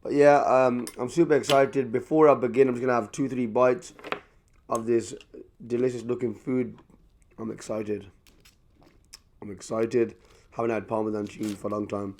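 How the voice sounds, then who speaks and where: A young man talking casually to camera as he eats at a table. He is lively and chatty, repeats himself, and goes quieter once he starts eating. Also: medium pitch, moderate pace, long pauses. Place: indoors at a table.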